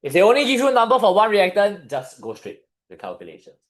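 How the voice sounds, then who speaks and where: A man's voice: high voice, wildly swooping pitch. A man with a Singaporean English accent, teaching a chemistry revision class and questioning his students as he goes. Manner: questions the class, pausing for answers. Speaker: chemistry tutor.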